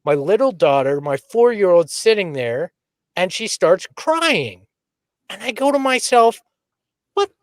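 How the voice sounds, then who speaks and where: A man's voice: high voice, sing-song, unhurried, dry recording, studio quality. A man hosting a casual sports podcast, talking candidly and reflectively, often restarting his sentences. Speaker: podcast host.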